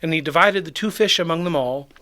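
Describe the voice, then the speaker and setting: Pastor, male, slightly higher voice, relaxed conversational devotional teaching, reads verses aloud. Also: quick pace. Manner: conversational, reads scripture then acts out the disciples.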